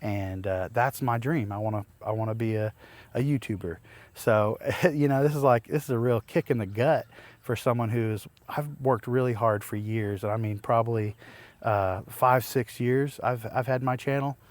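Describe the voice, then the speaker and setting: A man who sounds about thirty, a homesteading YouTuber, casually tells the camera a personal story, rambling and restarting as he relives an exasperating ordeal. His voice is medium-pitched at a normal speed, and the recording is dry.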